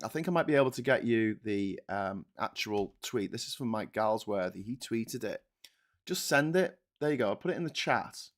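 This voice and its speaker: A man's voice: fairly low pitch, animated, normal speed. A man hosting a casual livestream from home, reading chat aloud and ranting sarcastically, laughing between lines.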